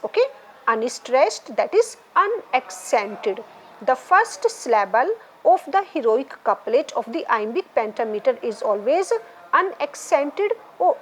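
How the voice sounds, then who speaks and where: A woman teaches a literature class, her high voice rising and falling widely as she goes. She speaks slowly and repeats each point, often pausing to ask "right?" or "okay?". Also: slight background noise, low-quality recording. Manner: repetitive, explanatory, checks in with "right?" and "okay?". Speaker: English literature lecturer. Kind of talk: classroom lecture.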